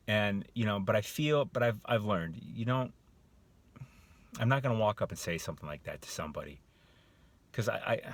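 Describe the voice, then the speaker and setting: A man's voice: fairly low pitch, a bit bright. A middle-aged man talking casually in a motivational monologue, acting out different tones of voice to make his points. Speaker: motivational speaker.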